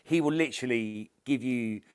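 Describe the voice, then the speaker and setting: A man's voice: medium pitch, normal speed, clear, resonant tone. A young man on a podcast, telling a road-trip story casually, swearing freely. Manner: swears freely, laughs through stories. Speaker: podcast co-host. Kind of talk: casual chat.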